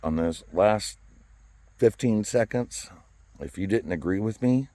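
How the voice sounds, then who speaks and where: A man speaking in a personal vlog outdoors, talking earnestly and haltingly, often repeating words as he restarts. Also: fairly low pitch, dark tone, no echo. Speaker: vlogger. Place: outdoors by a flagpole.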